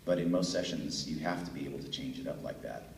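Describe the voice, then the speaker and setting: A middle-aged man with a deep voice, a voice actor telling stories to fans at a convention panel, chatty and laughing easily. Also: fast, creaky. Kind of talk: relaxed storytelling answer to a fan. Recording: echoey hall from far off, faint noise.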